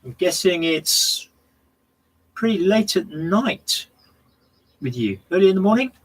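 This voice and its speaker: A man's voice: sits high, big pitch swings, a little slow, fairly bright tone, slightly rough, poor audio. A man live-streaming from his home workshop, chatting casually to viewers and thinking aloud between tasks. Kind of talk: casual chat while working.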